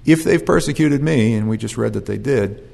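A man's voice: mid-range voice, normal speed, creaky, a little mellow. A man preaching a sermon, telling the story with animation and acting out voices.

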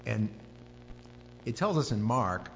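A man preaching a sermon, telling the story with lively acted-out voices and screams. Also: mid-range voice, slow pace, vocal fry. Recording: dull lo-fi sound with long hall reverb and faint hum.

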